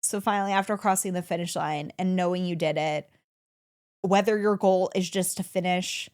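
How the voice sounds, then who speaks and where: A woman co-hosting a casual podcast, telling a story with excitement and laughing often. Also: lowish voice, moderate pace, clear, resonant tone. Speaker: podcast co-host.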